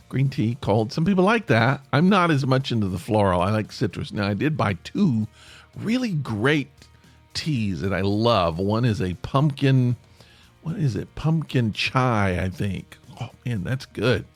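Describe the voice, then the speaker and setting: A man hosts his podcast solo, rambling along with playful asides and plenty of restarts. His pitch swings up and down, and his voice sounds dry and close. Faint music plays underneath. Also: no echo. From United States. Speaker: podcast host. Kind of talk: casual solo podcast monologue.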